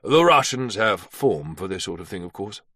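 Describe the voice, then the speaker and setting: A man voicing a senior, heavyset male intelligence director with a gravelly voice and a measured, authoritative manner. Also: lowish voice, big pitch swings, pushed and bright, dry recording, studio quality, exaggerated voice.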